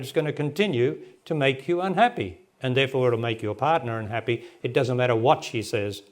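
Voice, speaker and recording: A man in his sixties, a spiritual teacher talking directly to a gathering and answering a question in plain words. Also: mid-range voice. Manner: direct, plain-spoken, laughs often. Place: meeting hall with audience. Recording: remastered 1998 talk recording.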